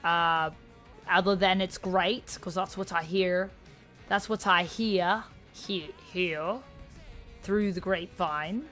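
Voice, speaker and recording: A woman's voice: fairly low pitch, fairly even intonation, takes it slowly, fairly bright tone, faint music behind. A woman hosting a casual livestream, chatting and answering viewers' messages aloud. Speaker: livestream host.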